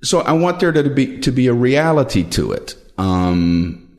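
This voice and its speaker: Brief: male comedian, lowish voice, thoughtful and halting, self-deprecating. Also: darkish tone. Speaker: stand-up comedian, guest. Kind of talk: reflective interview answers.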